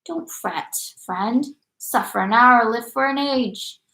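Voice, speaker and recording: A woman's voice: a little high, a little fast, vocal fry. A woman voicing a kindly little male Russian peasant soldier in a tender sing-song way, for an audiobook reading. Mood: soothing. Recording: echoey room.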